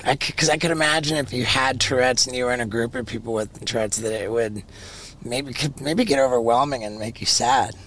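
A man co-hosting a casual podcast who asks measured, thoughtful questions. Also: mid-range voice, fairly bright tone, slight background noise, low-quality recording. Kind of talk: casual chat.

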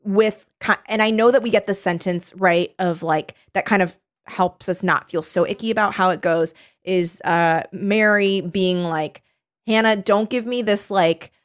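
A woman's voice: lowish voice, steady tone, measured pace. Chatty woman mulling over a book. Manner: chatty and reflective, with frequent fillers and swearing. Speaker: podcast co-host. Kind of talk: casual book discussion.

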